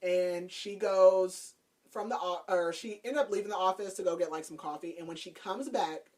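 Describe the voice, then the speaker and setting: A woman's voice: lowish voice, fairly even intonation, moderate pace, darkish tone. A woman podcast host casually recapping a book's plot, chatty and laughing, with lots of "like". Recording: voice a bit far from the mic.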